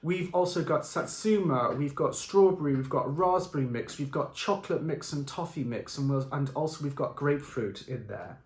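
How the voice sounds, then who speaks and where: A man who describes a painting as if it were a recipe, playful and excitable, with many fillers and restarts. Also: on the high side, moderate pace, few pauses, reverberant. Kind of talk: improvised audio description.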